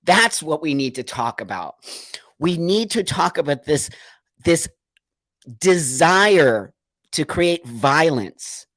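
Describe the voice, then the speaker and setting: A man's voice: on the high side, big pitch swings, takes it slowly, pauses often, fairly bright tone, no room sound. A man hosting a livestream, talking in an earnest, emotional monologue full of repeated rhetorical questions. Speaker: livestream host.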